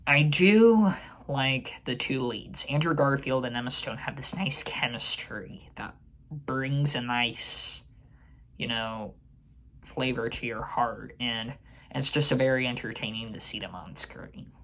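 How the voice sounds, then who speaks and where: A man's voice: mid-range voice, measured pace, fairly bright tone, slight background noise. A man hosting his own movie channel, giving a chatty, opinionated ranking to camera with fillers and restarts. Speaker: movie review channel host. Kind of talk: casual ranking commentary to camera.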